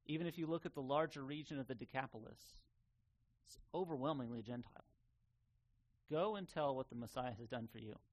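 A man preaching a sermon in an earnest, conversational way, sometimes pausing on fillers. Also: mid-range voice. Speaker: pastor.

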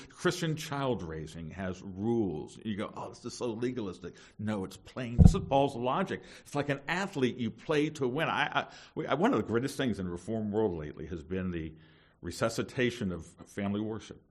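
A middle-aged male pastor preaching to seminary students in a fairly low voice. His delivery is emphatic and animated, punctuated with rhetorical questions. A sermon style that pushes the listeners to apply themselves. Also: normal speed.

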